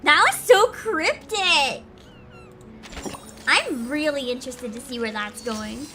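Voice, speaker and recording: A woman's voice: sits high, expressive, takes it slowly, bright, forceful tone, faint music behind. A woman livestreaming a video game from home, chatting casually and playfully, giggling and using baby talk with her pet. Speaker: streamer. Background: pet noises.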